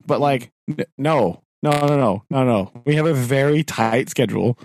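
A man's voice: medium pitch, moderate pace, darkish tone, dry recording. Guy venting about his day, keeps laughing, acts out what people said, dry close sound. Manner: exasperated ranting, laughs often, acts out quoted exchanges. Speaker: sixth grade teacher, podcast co-host. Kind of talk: casual chat.

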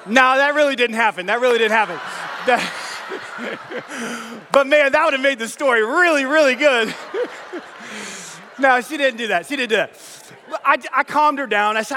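High, bright-voiced pastor telling a story in a big hall. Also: male voice, normal speed, pauses often, a little hiss or hum. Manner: animated, self-mocking storyteller acting out dialogue. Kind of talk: sermon storytelling.

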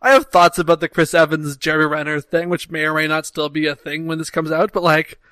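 A man's voice: a little high, fairly even intonation, brisk, bright, forceful tone, no echo. A Canadian man co-hosting a casual podcast who launches into exasperated, profane rants. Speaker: podcast co-host.

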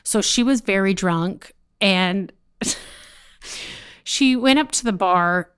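A woman, a stand-up comedian chatting in an interview in an animated, jokey way. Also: medium pitch, slow pace, clean tone. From Canada. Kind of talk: casual interview storytelling.

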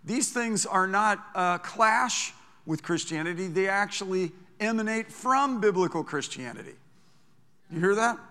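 A male pastor preaching with a bright, forceful voice pitched a little high. His delivery is conversational and animated, full of quick restarts. The sound carries a long reverb from a large church hall. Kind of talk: sermon.

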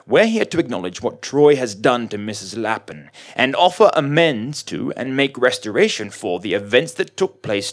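A man voicing an officious middle-aged male facilitator who speaks formally and firmly. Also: mid-range voice. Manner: formal, procedural, firm.

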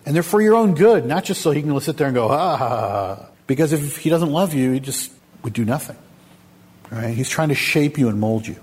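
A man's voice: a little high, husky. A man preaching a sermon to his congregation, speaking with emphasis and asking them rhetorical questions. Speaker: pastor. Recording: long hall reverb.

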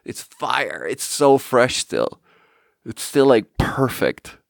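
A man's voice: medium pitch, big pitch swings, slow, creaky, dry recording, studio quality. A man hosting his own podcast solo, rambling casually and self-deprecatingly, often breaking into laughter. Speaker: podcast host.

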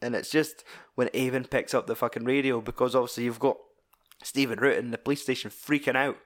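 A man's voice: medium pitch, fairly even intonation, fairly quick. A Scottish man in casual film-discussion chat, swearing freely as he retells scenes with animation.

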